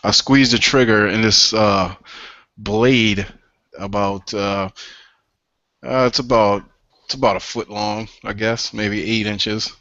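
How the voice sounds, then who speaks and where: A man playing a tabletop game, describing his character's actions hesitantly, with pauses and jokes. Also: lowish voice, fairly even intonation, a bit bright, dry recording. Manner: hesitant, full of pauses and restarts, joking. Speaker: player. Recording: dry, dull lo-fi call audio.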